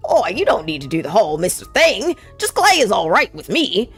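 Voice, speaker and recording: A woman's voice: medium pitch, sing-song, moderate pace, a bit bright, husky, soft background music. A woman voicing a cheerful, sweet-natured giant barbarian man in a video game, with a friendly, easygoing delivery.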